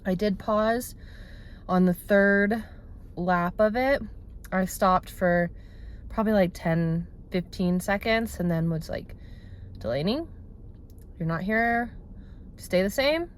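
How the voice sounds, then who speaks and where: The lowish, slightly mellow voice belongs to a thirtysomething vlogger talking casually into a close-held phone from her parked car. It's a dry recording; she rambles, uses lots of fillers, and is self-deprecating.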